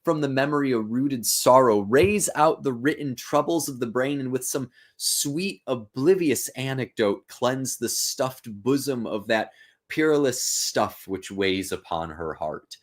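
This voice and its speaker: A man reading the part of a desperate, embattled king aloud, slow and deliberate, with rising urgency. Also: mid-range voice, lively intonation, pitched above the performer's own voice. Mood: pleading. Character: desperate tyrant king, male, middle-aged.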